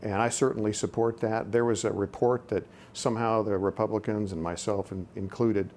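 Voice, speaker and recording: Low-voiced earnest congressman, faint background hiss. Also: steady tone, a little fast, darkish tone. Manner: earnest, repeats words while restarting. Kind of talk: interview answer.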